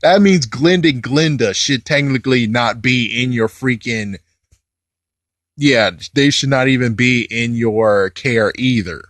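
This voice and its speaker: Man, casual movie reviewer, exasperated, repetitive, swearing, mid-pitched voice, dry sound. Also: no room sound. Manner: exasperated, repeats himself, swears freely.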